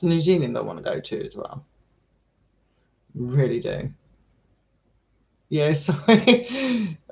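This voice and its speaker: A man's voice: fairly high pitch, vocal fry, a little mellow. A man chatting casually with his live stream viewers, affectionate and talkative, calling people darling and sweetheart. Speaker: live streamer and paranormal explorer.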